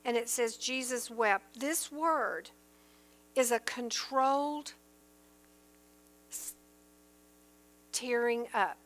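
A woman's voice: on the high side, very slow, long pauses, fairly bright tone. A woman teaching from the Bible in an earnest, emphatic sermon style, reading verses aloud and explaining them.

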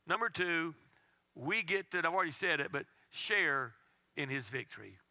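A man preaching a sermon as pastor, telling a story in a conversational way and dropping to a soft, intense tone. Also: fairly high pitch, animated, normal speed, dry recording.

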